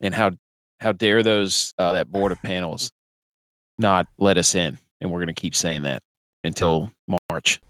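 A man's voice: deep voice, steady tone, measured pace, a bit bright, dry recording, poor audio. A man co-hosting a sports podcast in casual, joking chat, laughing often. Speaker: podcast co-host.

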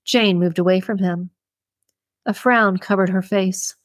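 A woman reading a thriller audiobook in an even, measured way. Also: medium pitch, dry recording. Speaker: audiobook narrator. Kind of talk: scripted audiobook narration.

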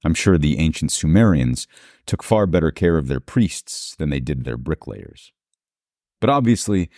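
A man's voice: very deep voice, warm tone, dry recording, studio quality. A man hosting an interview, first reading an earnest, reflective introduction, then asking questions. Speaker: interviewer and host.

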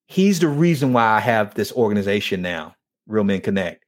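Speaking at a normal speed in a low-leaning, very animated voice, this faith talk show host and men's ministry leader shares an emotional personal testimony. He is an earnest storyteller who performs the dialogue within it.

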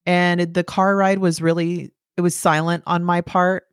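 Woman, 40s, from the US; personal testimony, candid and plain-spoken, low voice, dry sound. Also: little pitch movement, normal speed, no room sound. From United States. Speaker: survivor telling her story.

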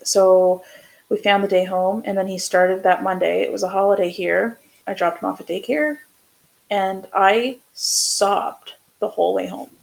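A woman's voice: mid-range voice, steady tone, unhurried, gravelly, poor audio. A young woman co-hosting a podcast, talking in a rambling casual way with lots of fillers. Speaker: podcast co-host. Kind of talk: casual chat.

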